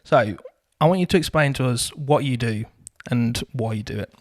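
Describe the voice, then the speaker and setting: A man's voice: mid-range voice, lively intonation, moderate pace, no room sound, clean studio sound. A man hosting a podcast, chatting in a casual, enthusiastic way. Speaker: podcast host. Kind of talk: casual chat.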